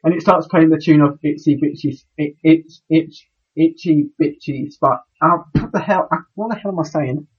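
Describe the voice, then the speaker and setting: Male podcast co-host, husky, slightly high, stumbles over words, lo-fi recording. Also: a little fast, hardly any pauses. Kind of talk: casual podcast chat.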